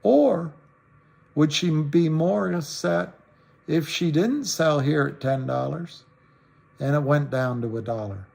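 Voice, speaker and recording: A man's voice: slow, creaky, a little mellow. A middle-aged man talks loosely on a livestream and circles back over his points. He hammers words again and again, and his voice jumps up when he gets riled. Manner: rambling, repeats himself for emphasis, pitch swings up when riled. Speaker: livestream host talking stocks. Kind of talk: casual livestream talk answering viewers.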